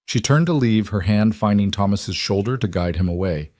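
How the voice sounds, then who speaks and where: Low-voiced man narrating a western romance. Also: moderate pace, a little mellow, no room sound, studio quality. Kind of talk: scripted audiobook narration.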